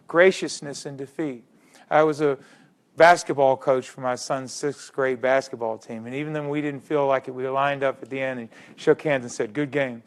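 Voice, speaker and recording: A middle-aged man giving a public history lecture, stressing key words by repeating them and putting questions to his audience. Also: mid-range voice.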